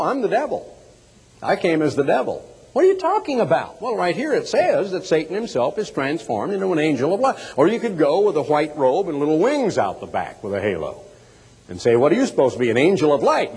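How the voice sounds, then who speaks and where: A middle-aged man preaching a sermon in an animated, sarcastic way, with mocking asides. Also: medium pitch, slightly rough, in a large hall, low-quality recording.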